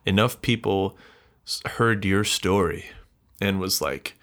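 This solo podcast host is a man with a low, fairly bright voice who speaks slowly. He delivers a bitter, rambling rant full of self-mockery and swearing.

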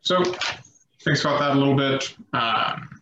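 A man's voice: medium pitch, moderate pace, slight background noise. Man running a tabletop game, echoey lo-fi. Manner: relaxed, rambling, many fillers. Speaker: game master. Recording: echoey lo-fi room recording.

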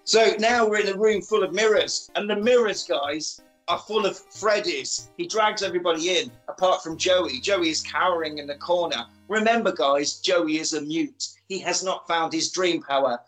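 A man with a high, bright voice recaps a film in a casual, comic way. He talks animatedly and swears freely. He keeps slipping into silly voices for the characters, over a bed of faint music. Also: moderate pace, hardly any pauses, poor audio. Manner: animated, sweary, acts out lines in funny voices. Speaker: podcast host recapping a film.

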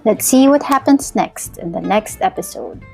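A woman teacher reading a children's story aloud to her class, slow and expressive. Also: mid-range voice, gravelly, soft background music.

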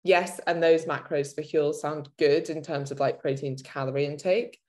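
A woman co-hosting a fitness podcast, relaxed as she reads and answers listener questions. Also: low-pitched, moderate pace. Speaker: podcast co-host and fitness coach. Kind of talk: casual chat.

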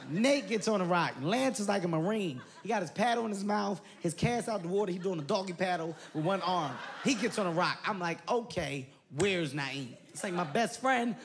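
A male comedian telling a story on stage, animated and breaking into shouted quotes. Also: sits high, a little hiss or hum. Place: comedy stage before an audience.

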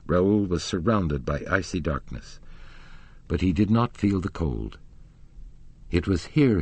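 A man narrating a classic novel as an audiobook reader, with measured, expressive storytelling. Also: extremely low pitch, slightly rough, no echo.

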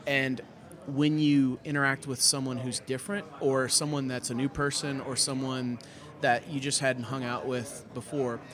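A man's voice: medium pitch, level tone, moderate pace. Man, casual podcast chat, earnest, easy laugh, brewery crowd behind. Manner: chatty, earnest, laughs easily. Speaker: podcast co-host and pastor. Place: brewery taproom. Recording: busy taproom crowd noise. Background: crowd chatter.

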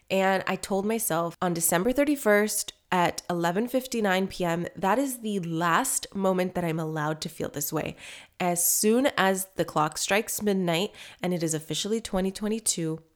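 A young woman with a fairly low voice talks through a solo skincare podcast, chatty and candid, with easy laughs. Allergies have left her sounding congested. She speaks like a host sharing personal updates with her listeners. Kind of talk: casual solo podcast chat.

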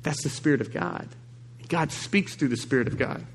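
A man's voice: on the high side, normal speed, gravelly, a little hiss or hum. A man preaching a sermon as pastor, emphatic, repeating key lines and acting out the people he quotes. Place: church service.

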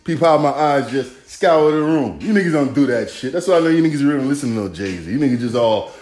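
A man's voice: mid-range voice, lively intonation, quick pace, a little mellow. A man hosting a podcast, ranting casually in profane, rambling, rhythmic street talk. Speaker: podcast host. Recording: echoey room, faint music.

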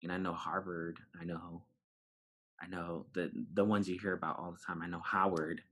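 A man from New York City, a podcast guest, telling a personal story in an animated way and acting out the dialogue. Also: low voice, moderate pace, slightly rough. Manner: animated, acts out dialogue, laughs while telling.

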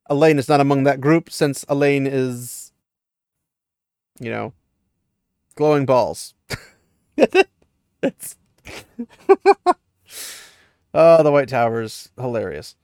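A man's voice: medium pitch, darkish tone, no echo, clean studio sound. Chatty man recapping a book. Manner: chatty, laughs at the story.

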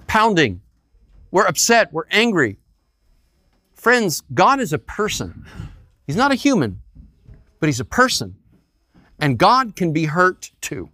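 A man's voice: high voice, sing-song, unhurried, long pauses, sharp tone, dry recording, clean studio sound. A man preaching a sermon as pastor, acting out quoted voices.

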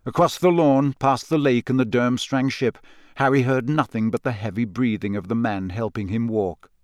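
A male audiobook narrator reads in a measured, steady voice of middle pitch. The recording is close and dry, with no room sound. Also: no echo. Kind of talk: scripted narration.

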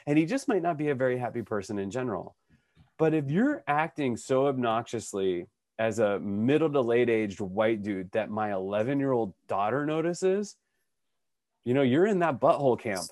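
A man of middle pitch tells a story on a podcast in a loose, conversational way. He acts out the lines of the people in his story and often restarts his sentences. The sound is dry and close. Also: moderate pace, dry recording. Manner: animated storyteller who acts out quotes, with frequent restarts. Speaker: podcast co-host.

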